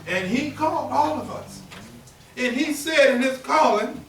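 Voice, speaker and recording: Animated preacher man, high voice. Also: a little slow, vocal fry, soft background music. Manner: call-and-response preaching, animated and emphatic. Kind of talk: sermon. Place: temple meeting hall. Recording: roomy, distant audience recording with faint noise.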